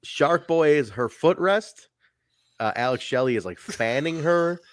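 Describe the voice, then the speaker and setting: A man's voice: fairly high pitch, unhurried, background noise. A man hosting a casual review podcast, recapping events and acting out what people said. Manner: animated recapping, acts out quotes. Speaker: podcast host. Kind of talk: casual wrestling review chat.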